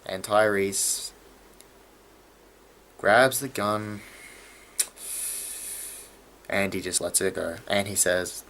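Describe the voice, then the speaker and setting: A man giving a casual video review of a TV episode, excitable and often stumbling over his words. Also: sits low, extremely slow, pauses often, slight background noise. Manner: excitable, stumbling and restarting mid-sentence.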